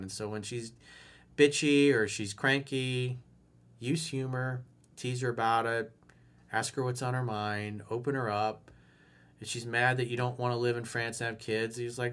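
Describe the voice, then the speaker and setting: A man's voice: medium pitch, a bit bright. A man working as a dating coach, answering viewer emails in a blunt, emphatic way. He swears, and he acts out the exact lines a viewer should say. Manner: blunt, emphatic, profane and swaggering, acting out lines to say.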